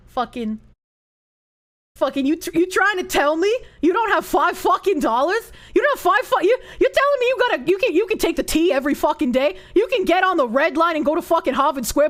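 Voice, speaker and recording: A woman voicing a foul-mouthed, angry local with a put-on thick Boston accent, ranting and swearing in quick bursts. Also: very high-pitched.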